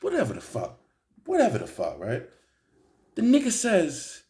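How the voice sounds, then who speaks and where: Animated New man telling a story. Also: a little high, moderate pace. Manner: animated, profane, street slang, frequent "right?" asides. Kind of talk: casual storytelling to camera. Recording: roomy echo.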